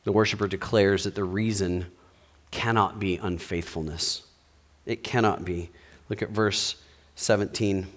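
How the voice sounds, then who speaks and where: A man's voice: fairly low pitch, fairly even intonation, a little slow. Man, pastor, sermon, conversational preaching, rhetorical questions.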